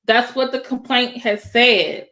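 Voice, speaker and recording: A woman doing casual live-stream commentary, excitable and talking straight to her viewers. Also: slow pace. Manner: excitable, exclaiming to viewers, voice jumps higher when excited. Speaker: YouTube commentator.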